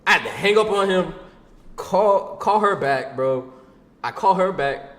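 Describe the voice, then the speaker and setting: A young man casually telling a story from his own life to a camera. He talks in loose slang, says "bro" and "boom" a lot, and laughs along the way. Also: expressive, a little slow, fairly bright tone, echoey room. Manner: slangy and laid-back, peppers talk with "bro" and "boom".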